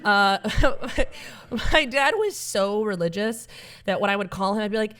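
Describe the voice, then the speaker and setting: A woman's voice: medium pitch, expressive, a little slow, fairly bright tone. A woman in her thirties with an American accent that sounds like Connecticut, whose first language is Arabic, telling a comic personal story to a live audience with a playful, self-mocking delivery and frequent laughter at her own jokes. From United States (Alabama). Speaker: storyteller on stage. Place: event stage with live audience. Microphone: handheld microphone.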